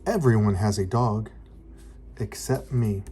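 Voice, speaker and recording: Slow, mellow man reading a storybook. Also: lowish voice. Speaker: storybook reader. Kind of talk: reading a picture book aloud to a child.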